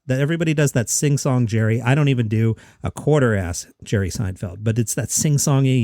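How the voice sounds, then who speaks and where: A man hosting a comedy news podcast with a lively, swooping delivery. He talks quickly and mocks himself, in a mid-pitched voice with a dry, close sound. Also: creaky, dry recording. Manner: quick, chatty and self-mocking. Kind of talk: casual comedy news commentary.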